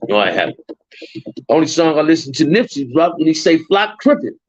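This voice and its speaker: A man's voice: on the high side, a little fast, breathy edge, dry recording. A middle-aged man from Compton, hosting a loose, slangy livestream chat and often repeating his phrases. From Compton, Los Angeles. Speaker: livestream host. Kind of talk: casual livestream chat with viewers. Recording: dull, dry lo-fi stream audio.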